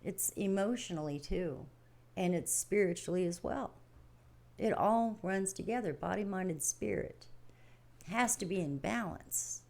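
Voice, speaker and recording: A woman's voice: fairly low pitch, gravelly, a little mellow. A middle-aged woman hosting a livestream, giving a casual, folksy spiritual talk that rambles and repeats itself, with frequent laughs. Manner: rambling, repetitive, laughs often; plain-spoken, folksy. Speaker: livestream host.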